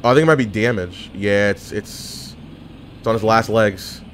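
A man's voice: lowish voice, normal speed, a little hiss or hum. A man giving casual gameplay commentary, joking and trash-talking opponents. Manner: trash-talking, jokey, excitable outbursts. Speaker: gaming YouTuber.

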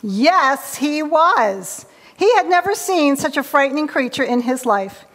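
A woman leading a children's story time in church, reading aloud in a bright, animated way while sitting on the steps. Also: high voice, unhurried. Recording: long church hall reverb.

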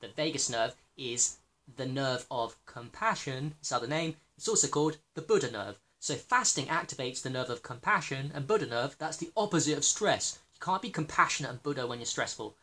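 A man hosting a health channel, talking in a blunt, animated, sweary monologue. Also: mid-range voice, fairly quick. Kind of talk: casual monologue.

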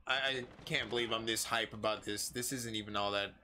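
An excitable male streamer talks through his match in playful, casual chatter. His voice has a bright, forward edge. A faint hiss sits under the recording. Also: fairly low pitch, a little fast. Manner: excitable and playful, yelping when startled. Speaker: livestreamer. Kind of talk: casual gameplay commentary.

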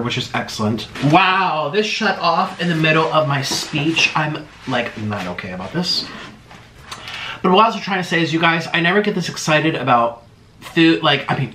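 A man hosting an eating vlog, bursting with excitement and exclamations. His voice is bright and sits a bit high, swinging up and down a lot. He sounds like he's in a roomy, echoey space. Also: a little hiss or hum. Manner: excitable, gushing, full of exclamations. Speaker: mukbang host. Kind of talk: casual eating vlog chat. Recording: roomy echo.

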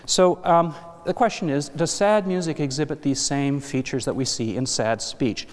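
A man's voice: fairly high pitch, moderate pace. A man giving an academic lecture to an audience, explaining step by step with asides and self-corrections. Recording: hall reverb.

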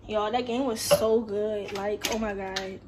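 A teenage girl chatting casually to her viewers in a vlog, her voice hoarse and worn from cheering and a little out of breath. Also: mid-range voice, fairly even intonation, unhurried, very noisy. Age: late teens. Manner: chatty, talks straight to viewers. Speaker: vlogger.

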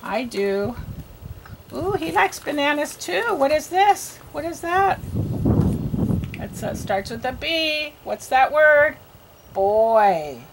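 A woman reading teacher gives a slow phonics lesson to young children, patiently sounding out letters and repeating each word. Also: high-pitched, sing-song, gravelly, noisy background.

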